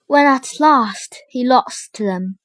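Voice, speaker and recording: A woman reads a children's storybook aloud with slow, careful expression. Her voice sits somewhat high for a woman, and the recording is close and dry with no room sound. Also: fairly bright tone, dry recording. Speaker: storybook reader.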